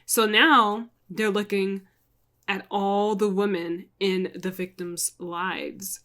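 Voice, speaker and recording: A woman's voice: mid-range voice, level tone, takes it slowly, pushed and bright. Chatty woman retelling a crime story. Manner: chatty, lots of "like", rhetorical asides to viewers. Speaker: storytelling vlogger. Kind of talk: casual storytelling retelling a TV episode.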